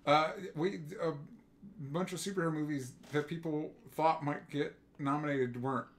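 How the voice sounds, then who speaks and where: A man's voice: a little high, steady tone, normal speed. A man co-hosting a podcast, giving blunt opinions in casual chat. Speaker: podcast co-host.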